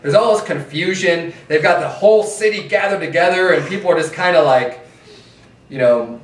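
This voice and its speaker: A man's voice: on the high side, echoey room, distant mic. A man preaching a sermon in a church in a loose, conversational way, mocking his opponents with chanted slogans. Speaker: pastor. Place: church sanctuary.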